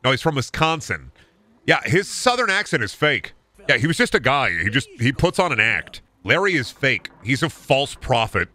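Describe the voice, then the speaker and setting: A late-twenties man from Iowa with a Midwestern American accent rambles crudely and cracks jokes through a casual game livestream, worn out from too little sleep. His mid-range voice is bright and forceful, with big pitch swings at a normal speed.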